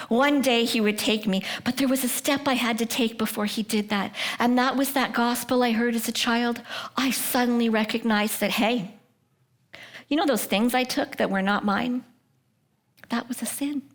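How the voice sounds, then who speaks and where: A middle-aged woman giving a personal faith testimony at a prayer breakfast. She speaks earnestly, often sinks to a hushed whisper, and puts questions straight to the audience. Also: fairly high pitch. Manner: addresses the audience directly with questions.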